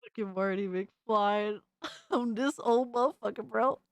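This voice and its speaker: A young woman streamer giving excitable, profane live reaction commentary, full of hype shouts and swearing. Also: fairly high pitch, a little slow, no echo, studio quality. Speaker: streamer host.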